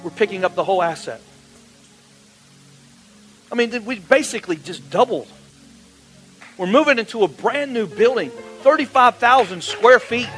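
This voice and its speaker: A male pastor preaching a sermon, calling on the congregation to answer back and building to loud, emphatic peaks. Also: very high voice, low-quality recording. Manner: call-and-response preaching, rising to shouts.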